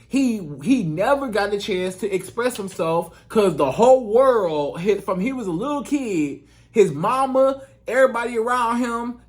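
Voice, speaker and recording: A man's voice: high voice, a bit bright. A man giving relationship advice in a casual, emphatic monologue, repeating his points in colloquial speech. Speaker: relationship coach.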